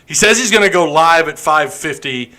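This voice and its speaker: Drinking beer as he goes, a man hosts a casual podcast live stream full of loose chatter and jokes. His voice is fairly high and sharp, with lively intonation at a moderate pace.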